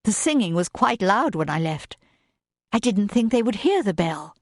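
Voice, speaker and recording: A woman's voice: mid-range voice, sing-song, moderate pace, no echo, clean studio sound. A woman voicing a frightened, earnest young governess who pleads in a raised, distressed voice in an audiobook.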